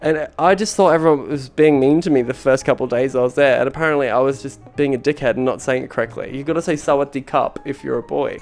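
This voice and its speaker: A man's voice: mid-range voice, fast talker, vocal fry, faint music behind. A young Australian man vlogging casually to camera, chatty and giggly, swearing freely and playfully butchering foreign words.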